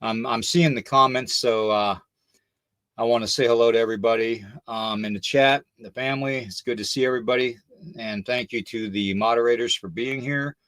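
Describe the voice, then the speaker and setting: A man's voice: mid-range voice, steady tone, moderate pace, fairly bright tone, no room sound. An older man hosting a paranormal podcast livestream, tired and a little out of breath, chatting loosely and greeting viewers by name. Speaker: podcast host. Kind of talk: casual livestream talk.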